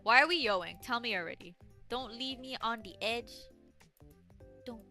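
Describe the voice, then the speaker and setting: A woman's voice: on the high side, moderate pace, pushed and bright, faint music behind. A young woman livestreaming as she plays a game, rambling through stories and chat with plenty of swearing, her throat dry and a little sore. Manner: rambling, chatty storytelling with frequent swearing. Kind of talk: casual chat while gaming.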